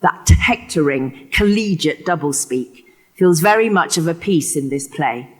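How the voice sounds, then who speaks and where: An English woman with a West Country accent delivering a prepared keynote lecture, expressive and given to acting out quotations. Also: deep voice, unhurried, husky. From England. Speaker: keynote speaker.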